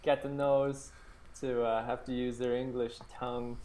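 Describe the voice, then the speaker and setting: A man's voice: medium pitch, flat delivery, measured pace, mellow. A young man hosting a casual podcast, telling stories in a dry, wry way with some swearing. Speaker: podcast host. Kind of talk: casual chat.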